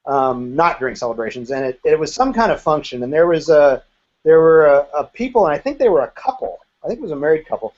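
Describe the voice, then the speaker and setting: Frank, high-voiced man recalling his past. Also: very animated, fast, darkish tone, lo-fi sound. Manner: frank, candid, occasionally profane. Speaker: interview guest, former group member. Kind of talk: casual interview storytelling.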